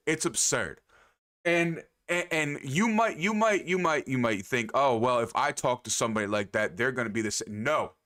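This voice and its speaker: A man's voice: fairly high pitch, sharp tone. A young adult man livestreaming, ranting casually to his chat in a profane, emphatic way, repeating phrases for effect. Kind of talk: casual rant to stream chat.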